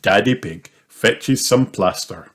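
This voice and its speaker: A man reading a children's storybook aloud in a slow, lively storytelling manner. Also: on the low side. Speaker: storybook reader. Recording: noisy home recording with clicks.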